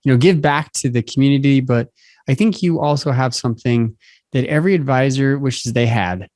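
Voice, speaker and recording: A man's voice: medium pitch, fairly quick, a little mellow, no room sound, studio quality. A man hosting an interview podcast, talking with his guest in a friendly, loosely rambling way. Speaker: podcast host.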